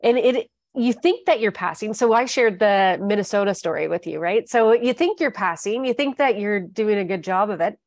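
A Canadian woman hosting an interview, chatty and animated, drifting into tangents. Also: medium pitch, normal speed, few pauses, no echo, studio quality. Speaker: interviewer host. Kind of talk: casual interview chat.

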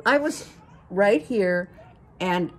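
An older woman in a casual family conversation, telling a story slowly and gently. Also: medium pitch, expressive, a little hiss or hum, rough recording. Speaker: guest, the host's mother.

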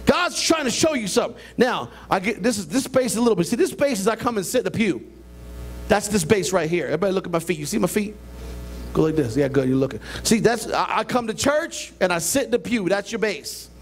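An older man preaching a sermon as a pastor, animated and conversational, with a hands-on demonstration. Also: fast, slight background noise. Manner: animated preaching with a hands-on demonstration, jumping between high and low voices. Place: church sanctuary.

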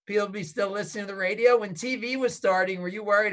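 A man's voice: high voice, steady tone, quick pace, a bit bright. A man co-hosting an interview, asking rambling questions peppered with fillers. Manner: rambling questions full of "like" and "you know". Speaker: co-host. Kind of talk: casual interview.

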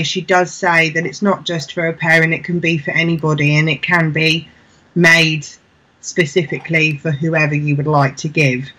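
A woman's voice: fairly low pitch, sharp tone, poor audio. A British woman presenting handmade products in a chatty, heartfelt, self-deprecating way. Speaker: show presenter. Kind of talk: casual product showcase chat.

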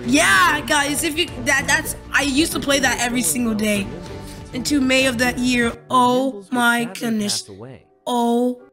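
A young woman hosting a gaming channel, giving excited commentary on a game and gasping and repeating herself as she goes. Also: high voice, unhurried, music in the background. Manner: breathless, repetitive, keeps saying "literally" and "oh my gosh".

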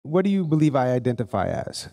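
Animated blunt man in an echoing hall. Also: medium pitch, fast, vocal fry. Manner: animated, blunt storytelling with swearing. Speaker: host leading a live group session. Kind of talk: live event talk. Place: event hall. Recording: long hall reverb at a live event.

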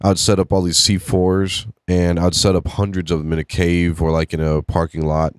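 Deep-voiced deadpan man on a podcast. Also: normal speed, smooth, no echo, studio quality. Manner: deadpan sarcastic jokes. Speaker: podcast co-host. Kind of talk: casual podcast chat.

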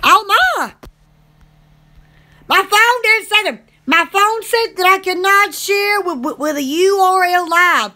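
Very high-pitched gushing woman. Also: slow. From Alabama. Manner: excitable, rambling, gushing. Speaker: livestream host. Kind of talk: casual live chat.

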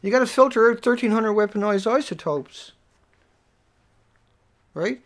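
A livestream host delivering an angry, profane rant at viewers, dropping to low muttering and then rising to yelling. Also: lively intonation, a little slow.

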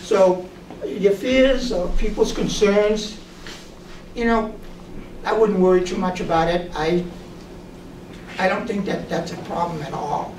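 A man's voice: high voice, unhurried, long pauses, a little mellow. A man casually telling stories about his drone photography work, animatedly acting out the voices of the people he quotes. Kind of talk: casual storytelling. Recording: roomy, distant mic, noisy.

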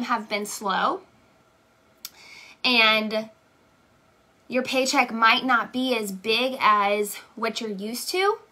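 A woman's voice: high voice, bright, forceful tone. A young woman leading a sales team, giving an emphatic motivational talk on a live stream and checking in with "okay?" after nearly every point. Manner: emphatic, repeats "okay?" and "right?". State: tearing up. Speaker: direct sales team leader.

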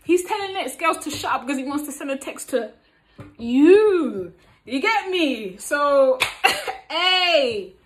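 A woman's voice: sits high, big pitch swings, slow, a little hiss or hum. Frank, playful woman vlogger. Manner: frank, playful, laughs as she talks. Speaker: vlogger giving relationship advice. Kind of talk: casual advice talk to camera.

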